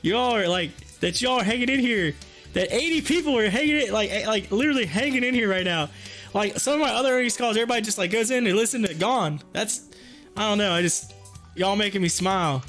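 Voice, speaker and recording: A man hosting a casual livestream, reading chat and talking in an excited, chatty, folksy way, a bit hoarse. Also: high-pitched, a little fast, faint music behind. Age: adult with kids. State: hoarse, losing his voice.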